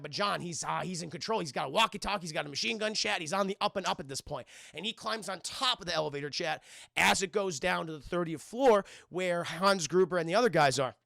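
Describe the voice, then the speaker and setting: Male streamer, high gravelly voice, cursing and rambling to his chat as he recaps a film. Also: bright, forceful tone, dry recording, studio quality. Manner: profane, rambling, constantly addressing the chat. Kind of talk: casual scene-by-scene film recap to a live chat.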